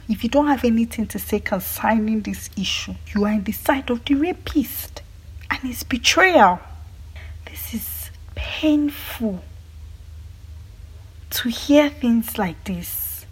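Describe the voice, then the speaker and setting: A young Nigerian woman with a Nigerian accent, delivering an angry, emphatic monologue that often drops to a hushed near-whisper. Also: mid-range voice, slightly rough, poor audio. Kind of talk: impassioned monologue.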